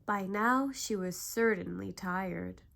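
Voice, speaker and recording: A woman narrating a bedtime story in a calm, gentle way. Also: mid-range voice, takes it slowly, vocal fry.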